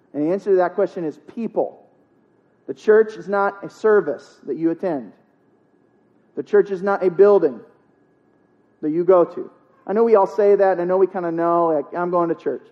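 Man, pastor, high-pitched, casual preaching with punchy repetition, muffled recording. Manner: conversational preaching with jokes and emphatic repetition. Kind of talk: sermon.

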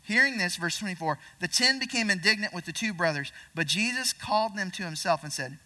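A young man preaching a sermon in a conversational way, reading scripture and acting out quick voices of people in the story. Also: sits high, animated, bright, forceful tone, recorded from a distance. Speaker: pastor.

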